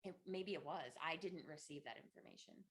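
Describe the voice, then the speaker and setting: A woman with a lowish voice speaks in a relaxed podcast conversation, thinking aloud as she goes. She circles back on her words, restarts sentences and leans on fillers while she searches for the right phrasing. Her tone stays reflective throughout. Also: brisk. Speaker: podcast guest, inner child practitioner.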